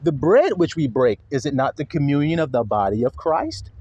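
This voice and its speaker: A man preaching a fiery sermon, reading scripture slowly and dropping into low, profane asides between high, mocking impressions. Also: sing-song, mellow, slightly rough, no echo. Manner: reads scripture slowly and deliberately.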